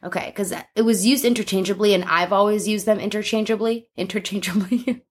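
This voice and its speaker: A woman's voice: mid-range voice, fairly even intonation, fairly quick, slightly rough. A woman hosting a casual true-crime podcast, telling a story and laughing often. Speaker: podcast host.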